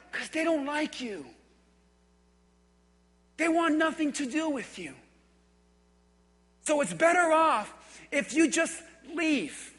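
Preacher voicing a taunting, scornful devil. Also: male voice, extremely high pitch, fairly bright tone, exaggerated voice. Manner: mocking, scornful, coaxing. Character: taunting accusing male devil voice. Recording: echoey hall.

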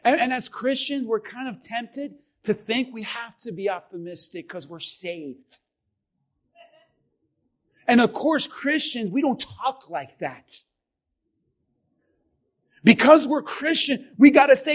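A man preaches to his church with a strikingly high voice. He swings from fervent shouting to hushed lines and keeps throwing questions at the congregation. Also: expressive, a little slow, long pauses. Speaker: pastor. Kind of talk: sermon.

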